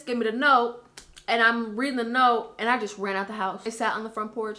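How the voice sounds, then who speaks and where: A young woman tells a personal story straight to camera in a relaxed vlog. Her voice is bright and pushes forward, at an ordinary middle pitch. She talks casually and candidly, with plenty of fillers and swearing. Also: a little fast. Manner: candid, chatty, swears freely, lots of fillers. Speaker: YouTuber.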